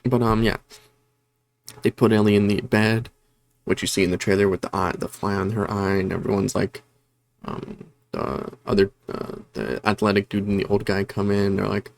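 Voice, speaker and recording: On his review channel, a man with a lowish, creaky voice recaps a horror movie's plot at a moderate pace. He rambles casually, full of fillers, correcting himself and apologizing for being disorganized.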